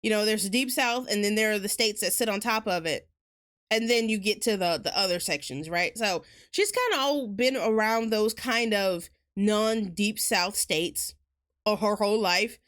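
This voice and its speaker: A woman with a Southern US accent chatting casually while streaming a game, fast-talking and rambling, laughing often. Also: mid-range voice, lively intonation, a bit bright. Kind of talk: casual gaming chat.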